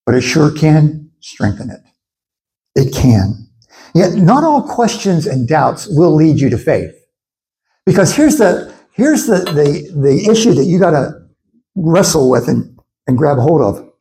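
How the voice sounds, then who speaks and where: A man preaching a sermon in an animated way, acting out the voices of his listeners as he goes. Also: a little high, low-quality recording. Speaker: pastor.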